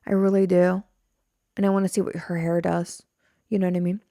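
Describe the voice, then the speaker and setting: Her dark, lowish voice stays level in tone and runs a little fast as this young woman hosts her solo podcast. She rambles casually, jokes at her own expense, and swears from time to time. It's captured on a stand-mounted studio mic, clean and echo-free.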